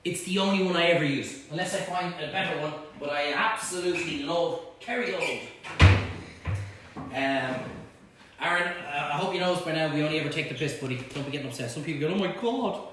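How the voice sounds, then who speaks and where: Male cook-along host, cheeky and blunt, a little high, recorded in a ringing kitchen. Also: brisk. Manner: chatty, blunt, banters with viewers. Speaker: cooking show host. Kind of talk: live cook-along demonstration. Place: home kitchen. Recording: echoey kitchen, faint hum.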